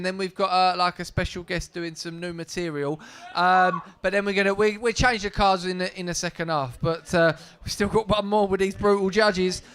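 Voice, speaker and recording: A man's voice: high voice, fairly bright tone, slight background noise. A man compering a comedy night on a club stage, chatting loosely between acts and hyping the room. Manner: loose, chatty links, hypes the crowd.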